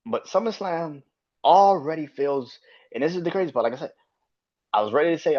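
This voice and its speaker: A man hosting a solo wrestling podcast, talking in a profane, heated rant that swings from low mutters to sharp outbursts. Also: animated, brisk, highs cut off. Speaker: podcast host.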